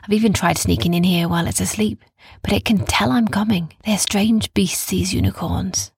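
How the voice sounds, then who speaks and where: A woman voicing a friendly, brisk woman who runs an animal rescue sanctuary, with a gravelly, husky voice in a dry, close recording. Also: mid-range voice, steady tone, no echo. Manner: friendly, brisk, calls people love. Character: cheerful adult woman running an animal rescue.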